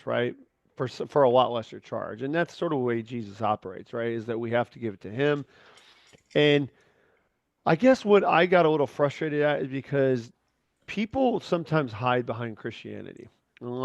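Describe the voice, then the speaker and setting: A man's voice: medium pitch, fairly quick, creaky, no room sound, lo-fi sound. A man hosting a podcast in casual chat, talking in a candid, rambling way with frequent restarts and free swearing. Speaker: podcast host.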